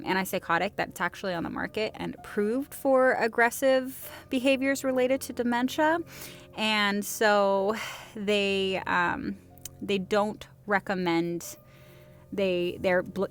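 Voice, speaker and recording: Casual woman lecturing over soft music. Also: medium pitch. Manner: casual, conversational, with frequent fillers and restarts. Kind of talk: recorded lecture.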